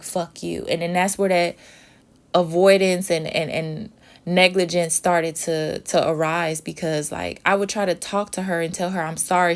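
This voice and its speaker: Young woman, candid vlog storytelling, emotional and blunt, swears freely. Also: fairly low pitch. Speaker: vlogger.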